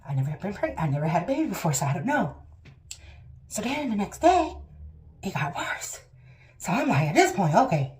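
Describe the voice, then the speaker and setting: A woman's voice: medium pitch, big pitch swings, brisk, pauses often, a little mellow. A woman vlogger telling a personal story to her viewers in a chatty, emphatic way. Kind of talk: casual storytelling to camera.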